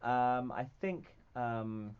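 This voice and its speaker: A man with a New Zealand accent, a guest on a radio talk show, answering in a deadpan, dryly joking way with hesitant ums. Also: mid-range voice, extremely slow, smooth. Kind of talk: casual radio interview chat. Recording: slightly muffled broadcast audio.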